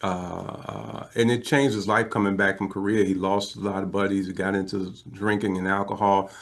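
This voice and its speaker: A man in his fifties speaks as an interview guest, telling a personal story in a fairly low voice. He is animated and earnest, and he slips into quoted voices as he goes. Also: moderate pace, creaky. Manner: emotional, earnest.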